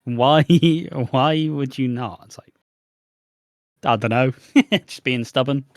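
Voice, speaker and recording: A man's voice: mid-range voice, takes it slowly, no room sound, clean studio sound. A young British man co-hosting a podcast, chatting casually about a soap in a laid-back way, laughing between phrases. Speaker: podcast co-host. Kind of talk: casual chat recapping a soap.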